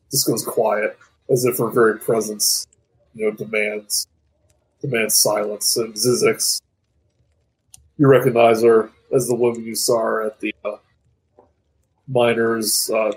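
A man narrating a tabletop game as game master, casual and halting with fillers. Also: fairly low pitch, level tone, slightly rough, rough recording.

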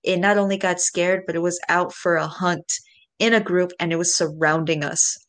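A woman telling a story in casual chat, animated, swearing and speaking straight to the listeners. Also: on the low side, moderate pace.

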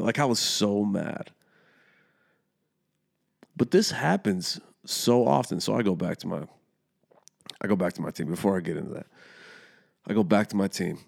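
A man's voice: on the low side, normal speed, vocal fry, long pauses, darkish tone. A young man casually telling a heated, profane story about coaching youth soccer.

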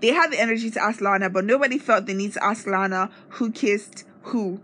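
A young woman hosting a podcast, chatting casually and gossiping about a reality TV show with lively asides and playful mock voices. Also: mid-range voice, a little fast, slight background noise. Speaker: podcast host. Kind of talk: casual chat reviewing reality TV.

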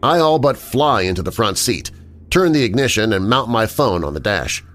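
A man narrating a first-person horror story in an expressive storytelling manner. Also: lowish voice, normal speed.

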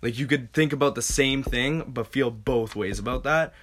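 A laid-back man in casual conversation, swearing freely and dropping into quieter asides. His pitch sits in an ordinary middle range. A faint hiss of background noise runs under the recording. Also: normal speed. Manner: loose and profane, trails into quieter asides. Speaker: podcast co-host. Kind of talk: casual chat.

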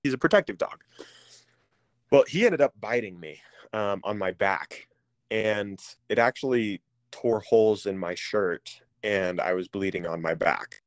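A man candidly telling a personal story as an interview guest, pausing often with ums and restarting phrases. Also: lowish voice, dry recording. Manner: halting, with frequent ums and restarts.

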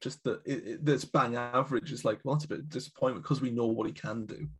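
Husky-voiced man, jokey. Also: medium pitch, fast talker, fairly bright tone. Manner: jokey, laughs often. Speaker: podcast co-host. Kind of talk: casual film chat.

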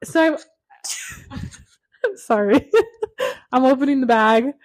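Lively young woman, bright and dry. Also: high voice, slow, no echo. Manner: animated, laughs often while telling. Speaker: podcast guest. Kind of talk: casual storytelling chat.

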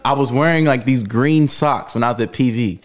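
A man hosting a casual group podcast, bantering loudly in slang and laughing often. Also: mid-range voice, moderate pace. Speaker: podcast host.

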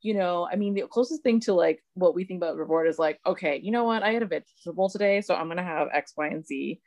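A woman's voice: on the low side, fast, a little mellow, no echo. A woman hosting a podcast, chatty and enthusiastic, full of "like" fillers as she interviews her guest. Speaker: podcast host. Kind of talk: casual podcast conversation.

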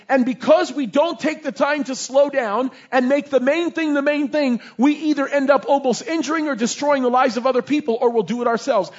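A man with a very high voice preaches, full of energy and story. He slips into shouting to act out scenes. The recording sounds dull and lo-fi. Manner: animated storytelling, shouting in re-enactments. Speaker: chaplain and preacher. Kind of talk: sermon.

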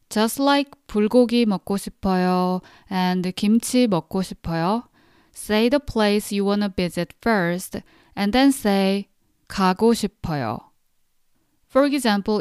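Very smooth-voiced woman teaching patiently. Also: mid-range voice, a little mellow, dry recording, studio quality. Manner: patient, encouraging, pronounces words slowly for repetition. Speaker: Korean language teacher. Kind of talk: podcast language lesson.

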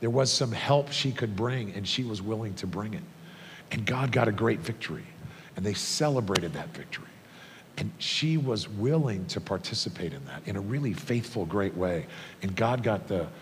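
A man preaching a sermon, telling stories in a conversational way with frequent fillers. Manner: storytelling, conversational with many fillers. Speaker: pastor. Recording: long hall reverb, faint rumble.

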